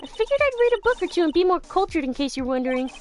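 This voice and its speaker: A woman voicing a bubbly, excitable young female assistant, chirpy and eager. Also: very high-pitched, rapid-fire, faint music behind, pitched above the performer's own voice.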